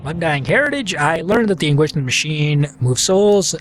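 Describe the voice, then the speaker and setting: A man's voice: fairly high pitch, animated, moderate pace, a little hiss or hum. A man hosting a let's play, chatting casually and playfully while he reads the game aloud. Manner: chatty, playful, self-mocking.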